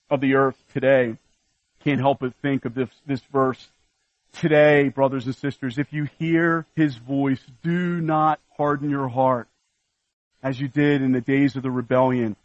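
Earnest preaching man, slightly high voice. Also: no room sound, highs cut off. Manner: earnest preaching, ticking off verse references. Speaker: pastor. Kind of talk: sermon.

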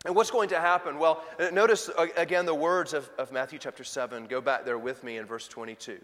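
A man preaching a sermon with emphatic, impassioned delivery, slowing and rising as he dramatizes pleading voices. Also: a little high, steady tone, a bit bright. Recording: hall reverb.

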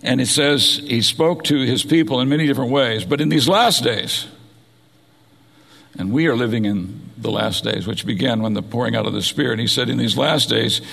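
A man's voice: medium pitch, normal speed, gravelly, fairly bright tone, big-room sound. A man preaching a sermon, reading scripture aloud and explaining it verse by verse. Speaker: pastor.

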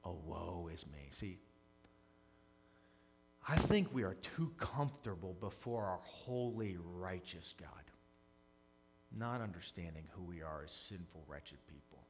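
A man preaching a conversational sermon as a pastor, earnest, dropping to hushed confession and rising to loud emphasis. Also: low-pitched, expressive, normal speed, slight background noise. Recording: long reverb of a large hall.

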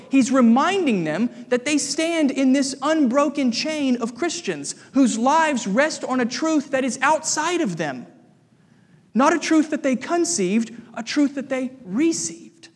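A man preaching a sermon as pastor, measured and emphatic, often repeating key phrases. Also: extremely high pitch, in a large hall.

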